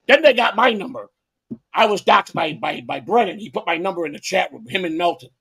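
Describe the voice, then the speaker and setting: A man in casual podcast chat, loud, profane and quick to blow up in anger. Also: high-pitched, lively intonation, gravelly, slightly rough. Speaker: podcast guest.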